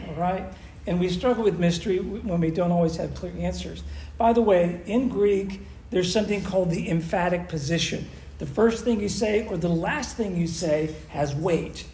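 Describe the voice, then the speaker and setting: A man teaching a Bible class, explaining scripture in an animated way and acting out the quoted lines. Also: high-pitched. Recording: echoey room with faint noise.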